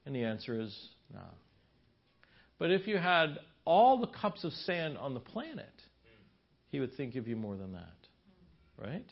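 A man's voice: medium pitch, sing-song, a little slow, gravelly, long pauses. Folksy male seminar preacher, muffled recording. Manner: folksy, storytelling, many restarts and asides. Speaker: marriage seminar teacher at a Bible chapel. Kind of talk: conversational sermon teaching. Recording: slightly dull lo-fi recording.

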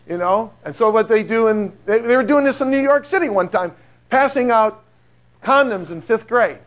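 Male pastor, high-pitched, conversational sermon delivery with light humor and rhetorical questions. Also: lively intonation, normal speed, a bit bright. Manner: conversational, joking, asks the listeners rhetorical questions. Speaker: preacher.

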